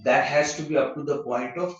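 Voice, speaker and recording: A man's voice: medium pitch, a little fast, a little hiss or hum. Man giving a class in an echoey hall. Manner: anecdotal, mixes Sanskrit terms into plain talk. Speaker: scripture class speaker. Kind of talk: conversational scripture class. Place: temple hall. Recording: echoey hall, muffled sound.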